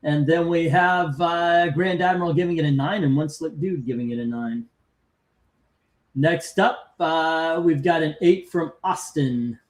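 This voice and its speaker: Higher-voiced man hosting a live stream. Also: unhurried. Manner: reads out viewer comments and scores, chatty. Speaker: host of a live comic-cover ranking stream. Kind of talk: casual live-stream chat.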